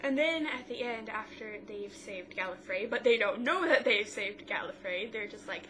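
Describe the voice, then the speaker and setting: A woman's voice: mid-range voice, animated, normal speed, a bit bright. Woman recapping scenes on a noisy recording. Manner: retells scenes quote by quote, with frequent restarts. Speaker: co-host of a mother-daughter podcast. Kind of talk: casual chat recapping a TV episode.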